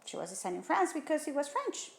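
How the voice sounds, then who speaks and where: A woman teacher talking through writing test questions in a recorded lesson, thinking aloud and rereading sentences slowly. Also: sits high, huge pitch swings, creaky, slight background noise. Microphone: tablet whiteboard screen recording.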